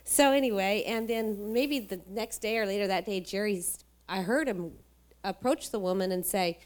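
A woman with a medium-pitched, darkish voice speaks at a moderate pace as a guest speaker in church. She tells a testimony story to the congregation, rambling with many restarts and fillers.

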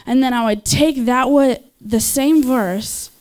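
Chatty young woman giving an upbeat sermon. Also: slow. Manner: chatty and enthusiastic, with laughs and fillers; animated, leaps in pitch when voicing others. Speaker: speaker at a church gathering. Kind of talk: casual sermon.

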